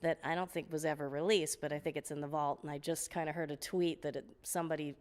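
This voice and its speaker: Lively middle-aged woman telling stories in a reverberant hall. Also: sits low, fast. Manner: lively storyteller, laughs often, acts out quotes. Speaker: guest singer. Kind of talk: storytelling interview.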